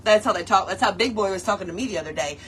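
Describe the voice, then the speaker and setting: A woman's voice: medium pitch, rapid-fire, a bit bright, slight background noise. A woman hosting a casual craft tutorial, chatting playfully with her viewers as she works. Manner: playful, chatty, talks straight to viewers and chat, laughs often.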